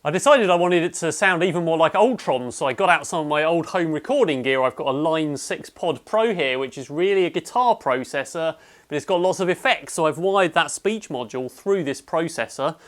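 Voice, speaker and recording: A man casually narrating a technical robot build, explaining each step in a relaxed way with some fillers. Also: on the high side, a little fast.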